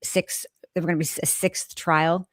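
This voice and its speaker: A woman's voice: sits low, level tone, normal speed, no echo, clean studio sound. A woman from New Hampshire co-hosting a podcast in casual chat, direct and teasing. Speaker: podcast co-host.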